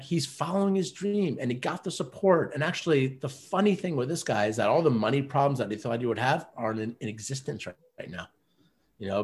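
A man's voice: mid-range voice, a little mellow, slightly rough. A man who runs a men's coaching program, telling stories in a casual interview with lots of fillers. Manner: earnest, storytelling, many fillers like "you know" and "like".

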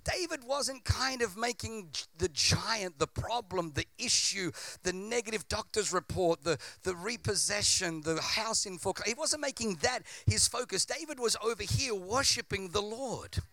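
Male preacher, high bright voice, impassioned sermon with repeated build-ups, dry sound. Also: animated, normal speed, few pauses, no room sound.

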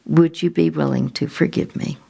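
A woman gently sharing a personal faith story and advice, speaking with halting restarts. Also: low voice, fairly even intonation, creaky, husky. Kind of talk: reflective faith testimony.

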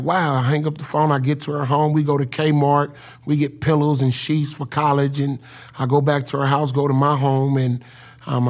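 A man's voice: on the high side, darkish tone. A man telling his life story in an earnest, emotional, casual way, as a former football player. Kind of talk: personal storytelling.

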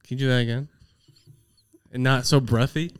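A man's voice: mid-range voice, steady tone, normal speed, clean tone, no echo. A young man co-hosting a casual movie podcast, laughing often and tripping over his words. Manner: giggly, loose, stumbling over words. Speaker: podcast co-host. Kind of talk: casual chat.

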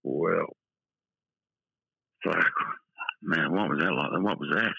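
A man's voice: extremely low pitch, takes it slowly, vocal fry, pushed and bright, breathy edge, dry recording, low-quality recording. A middle-aged Australian man, a football journalist, talking candidly in a casual podcast interview, often repeating himself and restarting.

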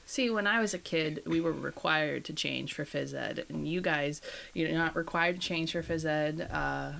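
A woman's voice: deep voice, normal speed, creaky, fairly bright tone. A middle-aged woman in casual podcast chat with her child, chatty and laughing often. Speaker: guest host, mother.

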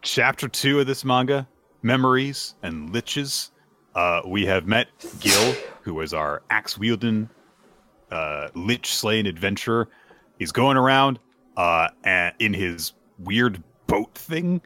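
A man hosting a podcast, retelling a manga chapter in a casual, animated and playful way. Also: fairly low pitch, slow pace, no room sound. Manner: animated, playful, acts out characters. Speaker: podcast host.

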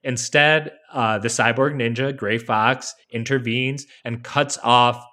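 A man's voice: medium pitch, takes it slowly. A man co-hosting a podcast, talking casually and analytically with plenty of fillers. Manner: relaxed, explanatory, many fillers. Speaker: podcast co-host.

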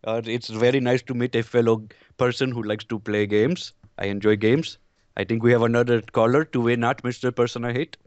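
A man's voice: mid-range voice, fairly even intonation, fairly quick, darkish tone, clear, resonant tone, no room sound, natural voice. Guy doing a naive talk show host, fake indian accent, super formal and polite, dull audio. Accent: put-on Indian. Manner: formal, stiff phrasing, overly polite. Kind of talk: improvised comedy role-play.

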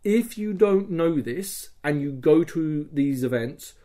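A man hosting a podcast, telling a long story in a casual, animated way, swearing freely and peppering his talk with "like" and "okay?". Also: fairly high pitch, slow pace. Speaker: podcast host recounting a live-action role-play weekend.

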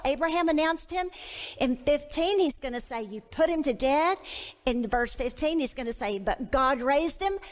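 Woman Bible study teacher, high voice, emphatic, long echo of a church hall. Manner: emphatic, call-and-response teaching.

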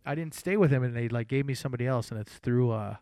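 A man's voice: mid-range voice, quick pace, a little mellow, dry recording, clean studio sound. A man co-hosting a podcast, joking around and rambling with lots of restarts. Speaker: podcast co-host. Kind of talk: casual podcast chat.

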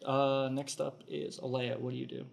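A man running a tabletop game as game master, narrating with many ums and pauses. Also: mid-range voice, level tone, creaky. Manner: hesitant with many ums, voices the kobolds.

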